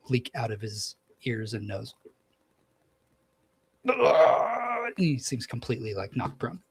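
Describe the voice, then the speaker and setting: Male game master, husky voice, casual, rambling narration for a tabletop game. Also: medium pitch, rough recording. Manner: casual, filler-heavy narration.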